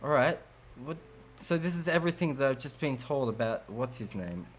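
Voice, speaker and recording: A man's voice: medium pitch, animated, normal speed, slight background noise. Playful man joking through a game. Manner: joking, self-mocking asides. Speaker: let's play host. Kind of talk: casual game commentary. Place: home streaming setup.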